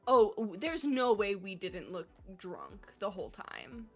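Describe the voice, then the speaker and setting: A young woman co-hosting a casual chat, telling stories in an animated way and acting out the people in them. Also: medium pitch, a little slow, soft background music. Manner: animated storytelling, quotes people in lively voices. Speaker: podcast co-host.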